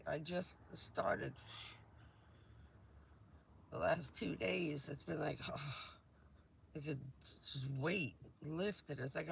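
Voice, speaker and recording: Gravelly, chatty woman live-streaming. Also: low voice, fairly bright tone, a little hiss or hum. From New Jersey. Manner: rambling, chatty, laughs often. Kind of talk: casual live-stream chat.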